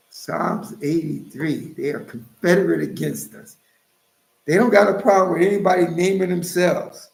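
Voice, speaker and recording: A man's voice: sits high, measured pace, vocal fry. A man hosting his own channel, preaching emphatically and scolding his listeners as he cites scripture. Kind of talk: preaching commentary. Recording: roomy echo.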